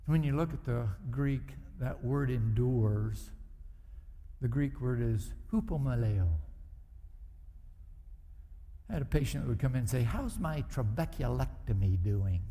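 A man's voice: medium pitch, moderate pace, mellow. Man preaching in a reverberant church. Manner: conversational preaching with acted asides. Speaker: pastor. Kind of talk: sermon. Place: church sanctuary.

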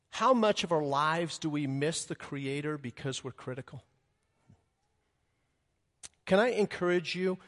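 Man, pastor, sermon, fairly high voice, animated with loud high bursts, long hall reverb. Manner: animated preaching with sudden loud, high bursts and acted asides.

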